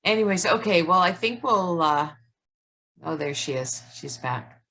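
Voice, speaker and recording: This co-host, a woman in a casual self-help video-call chat, thinks aloud reflectively and searchingly, leaning heavily on "like." She sounds lowish and fairly bright, animated yet measured in pace.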